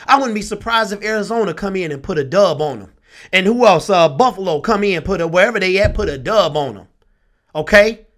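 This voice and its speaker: A young man with a high voice delivers an exasperated sports rant. He talks with passion and repeats himself often, sounding thoroughly fed up. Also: a bit bright. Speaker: sports vlogger. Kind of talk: ranting sports commentary.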